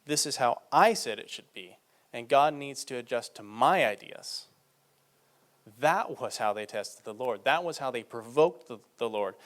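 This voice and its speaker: A man's voice: mid-range voice, animated, a little slow, a bit bright. Man preaching a conversational sermon. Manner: reads scripture aloud and explains it conversationally.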